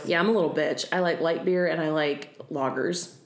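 A young woman co-hosting a podcast, chatting casually with quick reactions, frequent laughter and some swearing. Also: low-pitched, fairly even intonation, crowd noise. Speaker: podcast co-host. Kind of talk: casual chat. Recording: echoey room.

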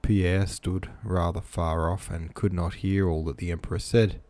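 A man's voice: low voice, steady tone, unhurried, a little mellow, dry recording. A man reading a novel aloud, plain with casual asides, close-miked in a small room. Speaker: reader.

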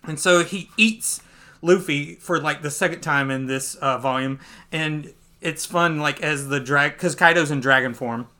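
A man hosting a podcast, recapping a comic in casual chat. He talks in a loose, chatty way, laughs easily and jumps into squeaky voices when he acts out scenes. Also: a little slow. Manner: animated, jumps into high squeaky voices when acting out lines. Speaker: podcast host.

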